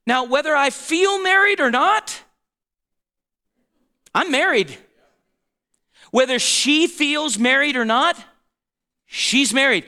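A man's voice: extremely high pitch, animated, slow, pauses often, bright, forceful tone. A man in his forties preaching a conversational sermon to a congregation, often checking in with his listeners and laughing. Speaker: pastor.

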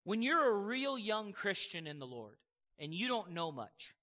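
A man's voice: high voice, sing-song, a little slow, bright, forceful tone, big-room sound. A man preaching a sermon in an emphatic, conversational way, with casual asides to the congregation.

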